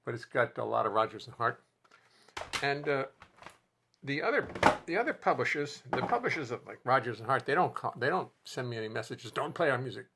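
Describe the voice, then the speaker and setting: A man's voice: mid-range voice, sing-song, brisk, noisy background. A man hosting a casual live stream from his home music studio, rambling and joking with viewers. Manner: rambling, chatty, jokes to viewers. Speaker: host and musician.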